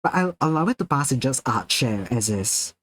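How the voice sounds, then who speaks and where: Chatting loosely with his stream audience, a man gets worked up, curses openly, and laughs a lot as comments roll in. He speaks in a mid-range voice at a moderate pace on a low-quality recording.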